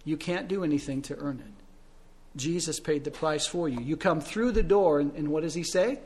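Pastor guy preaching, tells stories, asks the crowd questions, kinda high voice. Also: normal speed. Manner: storytelling, rhetorical questions, swings loud and soft. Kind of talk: sermon.

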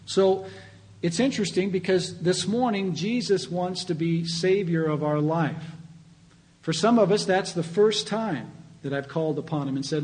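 A man's voice: a little high, moderate pace, a little mellow, poor audio. A man preaching a sermon as pastor, earnest and conversational, rising in emphasis on key points.

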